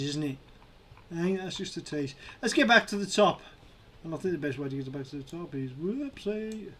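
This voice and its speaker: A man hosting a live stream, excitedly counting up backer totals and cheering milestones. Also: sits high. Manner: excitable, counting numbers aloud, shouting at milestones.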